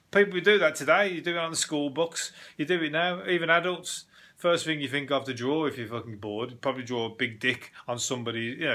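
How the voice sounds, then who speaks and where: A Birmingham man with a fairly high, sharp voice hosts a podcast, rambling through a sweary, comedic rant, often restarting sentences and laughing.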